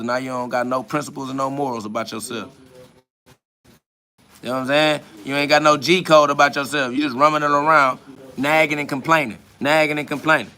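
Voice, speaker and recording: A man's voice: medium pitch, pushed and bright. A man hosting a podcast, answering listener comments in a profane, mocking spiritual rant.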